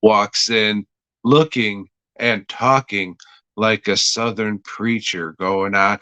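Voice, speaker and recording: Slow-talking, profane man recapping an episode. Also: on the low side, steady tone, pushed and bright, clean tone, dry recording, muffled recording. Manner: rambling, profane, jokey. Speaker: podcast host reviewing a TV episode.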